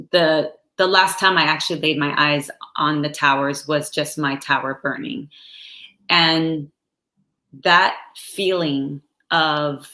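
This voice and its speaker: A woman guest telling her personal story slowly and softly, with halting pauses. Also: deep voice. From United States. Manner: slow, soft-spoken and halting. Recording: echoey room.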